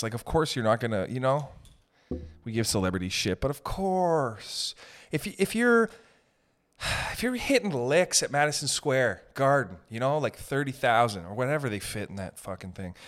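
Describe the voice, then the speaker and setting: Dude hosting a solo podcast, rambly and sweary, just riffing. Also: male voice, mid-range voice, big pitch swings, normal speed, a bit bright. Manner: rambling, profane, tangent-hopping. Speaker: podcast host. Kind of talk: casual comedic monologue.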